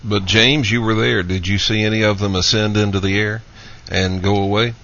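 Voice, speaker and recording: A man's voice: on the low side, fairly even intonation, normal speed, bright, forceful tone. A man hosting a call-in radio show, steadily taking calls and reading out listener questions. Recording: dull lo-fi radio sound.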